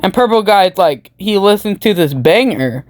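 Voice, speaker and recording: A woman's voice: mid-range voice, lively intonation, normal speed, darkish tone, no echo. A woman giving a goofy, rambling comedic movie recap full of meme slang. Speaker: YouTube commentator.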